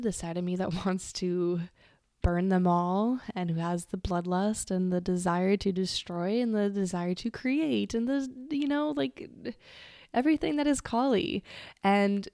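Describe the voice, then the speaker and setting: A woman's voice: mid-range voice, warm tone, no echo, studio quality. A woman podcast host telling a personal story in a candid, casual way, swearing freely and trailing off and restarting as she talks.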